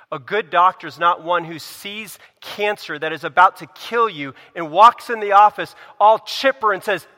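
A man, a pastor, preaching a sermon with earnest emphasis, rising to loud lines and dropping to hushed ones. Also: sits high. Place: church sanctuary. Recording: long reverb of a church hall.

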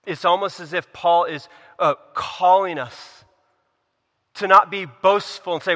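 Preaching man with bright, echoing voice. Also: normal speed. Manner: earnest preaching, swings between loud emphasis and hushed low lines. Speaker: pastor. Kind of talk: sermon. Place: church sanctuary. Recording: long reverb of a church hall.

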